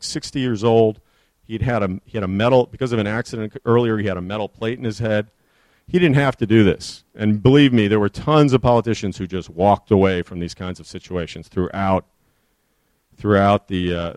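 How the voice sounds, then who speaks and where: A man's voice: lowish voice, a little mellow, no echo. A man, an author, giving a public history talk with earnest storytelling and audience questions.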